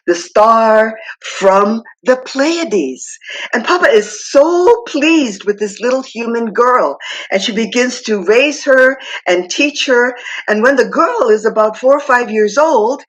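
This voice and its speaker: A woman from Hawaii telling a traditional myth slowly and dramatically as a guest speaker. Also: fairly high pitch, rough recording. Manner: slow, dramatic storytelling that acts out the characters.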